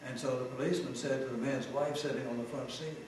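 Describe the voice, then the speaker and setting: A man's voice: medium pitch, fairly even intonation, quick pace, a little mellow. A man, an Episcopal priest, telling jokes as a TV guest in a genial, anecdotal way. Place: TV studio. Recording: roomy, distant mic, faint noise.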